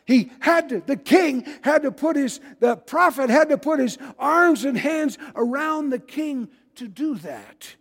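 A pastor preaching a folksy sermon, calling for amens and rising to shouts. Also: male voice, very high voice, lively intonation, unhurried, creaky, few pauses. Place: church sanctuary. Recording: long reverb of a church hall.

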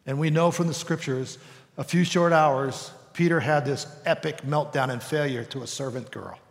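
A man's voice: on the high side, steady tone, moderate pace, big-room sound. A male pastor preaching a sermon in a conversational way, sometimes acting out voices.

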